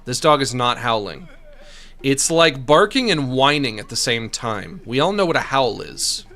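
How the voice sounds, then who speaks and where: A man's voice: mid-range voice, expressive, unhurried, sharp tone. A young man giving casual, sarcastic commentary while playing a video game, joking around and reading the text aloud.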